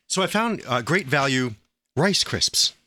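A man co-hosting a casual cereal review, teasing his partner and steering the show. His voice is bright, mid-pitched and very animated. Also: measured pace, no echo. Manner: playful and bossy, teasing. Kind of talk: casual chat.

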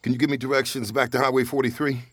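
A man's voice: mid-range voice, level tone, racing, dry recording, close to an everyday voice. An actor playing a stranded, wary man who pleads and panics, in an audio drama. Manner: jittery, pleading, bursts into yelling for help. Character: stranded wary man from Detroit, rattled, talkative. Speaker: stranded traveler.

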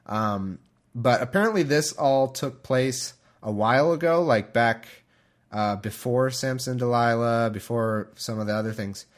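A man's voice: medium pitch, a little slow. Chatty man reading scripture aloud. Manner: chatty, bemused, laughs often. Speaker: podcast host.

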